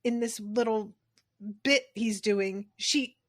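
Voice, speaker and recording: A woman's voice: fairly high pitch, slow pace. A woman co-hosting a podcast, casually recapping a TV episode, emphatic and swearing freely as she acts out quotes. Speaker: podcast co-host.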